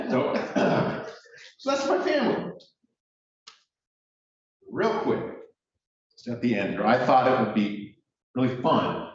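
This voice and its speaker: A man's voice: fairly low pitch, slight background noise. A man giving a joking, self-deprecating speech at a ceremony. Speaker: speaker at a ceremony. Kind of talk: casual speech. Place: courtroom. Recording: echoey room from far off, dull.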